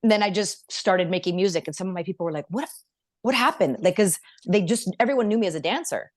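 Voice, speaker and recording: A woman's voice: lowish voice, fast, darkish tone. A woman from Canada chatting as a guest on a podcast, bubbly and laughing often. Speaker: guest singer and dancer. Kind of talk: casual interview chat.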